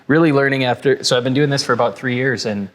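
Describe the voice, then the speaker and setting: Minnesotan male co-host, casual rambling chat, mid pitch, reverberant room. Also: quick pace. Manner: chatty, with many restarts and fillers. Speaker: podcast co-host. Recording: long reverb.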